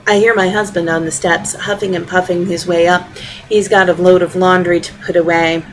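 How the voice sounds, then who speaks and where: A middle-aged woman reading her own personal essay aloud, with a wry, deadpan storytelling manner. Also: fairly low pitch, moderate pace, slight background noise, low-quality recording.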